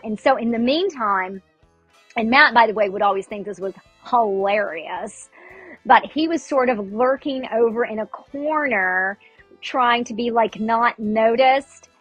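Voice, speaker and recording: A woman voice actor telling a story about a fan who recognized her, in a chatty, animated way. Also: a little high, breathy edge, no room sound, poor audio. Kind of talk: casual storytelling.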